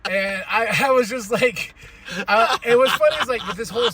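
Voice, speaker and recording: A man's voice: very high-pitched, moderate pace. A man co-hosting a podcast, telling stories in a laid-back, profane, giggly way. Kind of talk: casual podcast banter.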